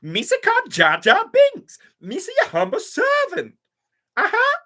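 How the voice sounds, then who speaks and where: A man voicing a goofy, clumsy male alien sidekick with squeaky, childlike babbling speech. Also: huge pitch swings, a little slow, pushed and bright, heavily acted. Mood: silly eager.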